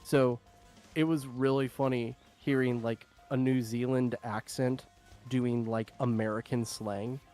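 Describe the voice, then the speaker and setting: A man's voice: mid-range voice, steady tone, unhurried, a little mellow, soft background music. A young adult man hosting a stream, talking in a loose, rambling way with lots of filler and frequent laughs. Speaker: streamer host. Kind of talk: casual chat.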